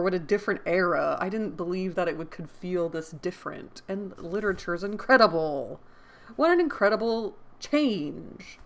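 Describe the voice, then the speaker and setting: An American woman hosting a book channel, recapping a novel in a chatty, animated way with blunt opinions and mild swearing. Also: fairly low pitch. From United States. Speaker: host and book reader. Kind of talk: casual chat recapping a novel.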